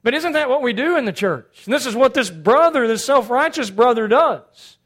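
A male pastor preaching a sermon, swinging between loud emphatic lines and hushed asides. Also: extremely high pitch, lively intonation, moderate pace.

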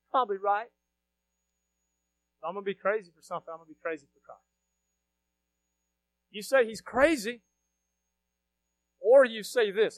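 A male pastor preaching a sermon in a church, swinging from loud shouted bursts down to low, quiet asides. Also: animated, moderate pace, long pauses, no echo. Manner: fiery, shouting bursts then dropping low. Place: church sanctuary.

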